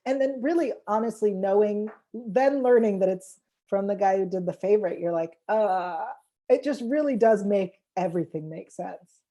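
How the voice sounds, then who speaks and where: A woman's voice: medium pitch, normal speed, warm tone. A woman on a panel giving firm opinions in casual chat, with apologetic asides. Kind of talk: casual video-call discussion.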